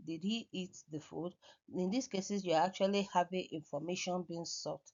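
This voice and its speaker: A woman's voice: lowish voice, fairly even intonation, moderate pace, darkish tone, lo-fi sound. A woman lecturing on grammar over slides, hesitant, often repeating words and restarting. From Nigeria.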